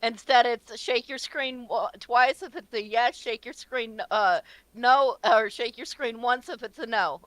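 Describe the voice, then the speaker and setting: A woman's voice: fairly high pitch, a little slow, fairly bright tone, dry recording. A woman co-hosting a stream in casual chat, chatty and giggly.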